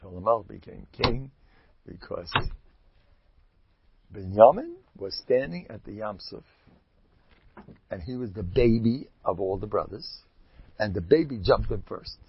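A man giving an informal Torah talk, lively and emphatic, often jumping up high in pitch for emphasis. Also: measured pace, gravelly, pauses often, slightly rough, highs cut off. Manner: animated, jumps to high excited pitch for emphasis, laughs. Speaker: Hasidic teacher.

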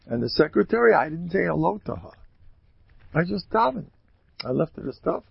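A man giving a storytelling sermon, talking in an animated way with sudden loud, emphatic rises. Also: on the high side, normal speed, creaky, husky, no room sound. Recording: dull lo-fi dry recording.

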